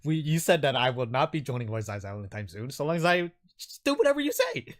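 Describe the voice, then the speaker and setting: A man's voice: medium pitch, wildly swooping pitch, fast talker, pitched above the performer's own voice. A man voicing a frightened adult man who stammers and begs. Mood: panicky. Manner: stammering, panicky, begging.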